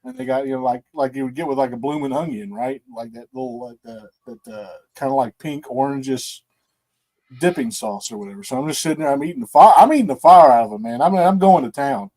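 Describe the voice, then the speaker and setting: A man telling a story in casual podcast chat, acting out the quotes with lively energy. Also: mid-range voice, fast. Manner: animated storyteller, acts out quotes. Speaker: podcast co-host.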